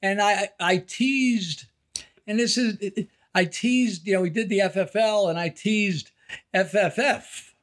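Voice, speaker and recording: Animated older man telling family stories. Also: high-pitched, slow pace. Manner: animated storyteller, acts out quotes in a raised voice. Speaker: podcast co-host. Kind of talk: casual storytelling chat.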